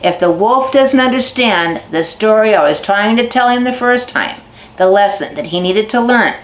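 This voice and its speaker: A woman's voice: medium pitch, expressive, normal speed, close to an everyday voice. A woman voicing a clever, tricky male raccoon in a told animal tale, with a sly, knowing manner. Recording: echoey barn recording.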